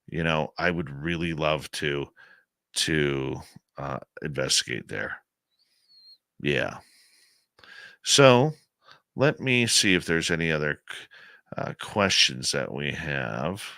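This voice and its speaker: Deep-voiced Canadian radio host, bright tone. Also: male voice, expressive, slow, gravelly, long pauses, no echo. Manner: chatty, enthusiastic, rambling. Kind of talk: late-night radio call-in talk.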